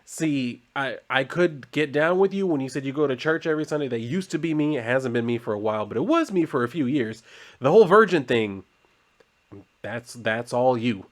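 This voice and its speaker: A man casually reviewing a comic book, chatty and joking, with many fillers and asides. His voice sits at an average male pitch. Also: animated, moderate pace.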